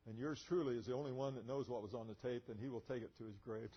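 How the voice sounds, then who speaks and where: A man's voice: mid-range voice, rapid-fire, slightly rough, dull audio. An older man, a retired pilot, telling a story in a museum lecture. He acts out the dialogue and often chuckles. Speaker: guest speaker, retired pilot.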